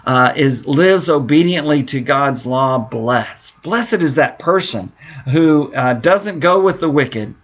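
A man's voice: on the high side, muffled recording. A middle-aged man teaching a devotional Bible lesson as a pastor, earnest and enthusiastic, often repeating words for emphasis.

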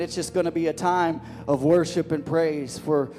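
A male pastor preaches with a fervent, repeating cadence, stumbling over restarts as he builds up. His voice sits a little high and rings out in a long church reverb. A faint instrument plays underneath. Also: steady tone, normal speed, warm tone, soft background music. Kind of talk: sermon. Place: church sanctuary.

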